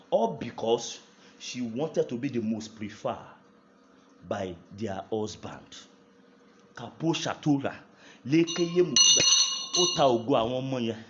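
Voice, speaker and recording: A Nigerian pastor leads a fervent prayer sermon, hammering the same declarations again and again as they build. His voice sits a little high for a man. The recording is dull and lo-fi, with a roomy echo. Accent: Nigerian English. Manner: repeats declarations with rising intensity.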